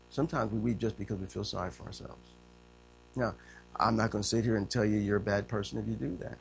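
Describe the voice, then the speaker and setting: Gravelly preacher man with a conversational style. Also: a little hiss or hum. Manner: conversational preaching, often says amen, voices quotes with rising pitch. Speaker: pastor. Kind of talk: sermon.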